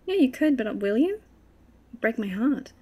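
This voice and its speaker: A woman's voice: fairly high pitch, big pitch swings, a little slow, breathy edge, phone-quality sound, exaggerated voice. A woman voicing a playful young bride in a live tabletop role-play, coaxing and sweetly persistent.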